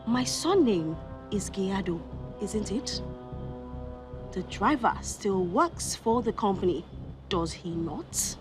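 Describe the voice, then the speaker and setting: A woman's voice: medium pitch, lively intonation, slow pace, pauses often, over music. A woman with a Nigerian accent playing a haughty young company executive in a TV drama, talking in a cold, cutting, condescending way. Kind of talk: TV drama acting.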